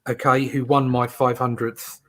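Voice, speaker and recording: British male host, casual rambling talker, bright forceful tone. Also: mid-range voice, little pitch movement, moderate pace. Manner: rambling, lots of fillers and restarts. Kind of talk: casual chat.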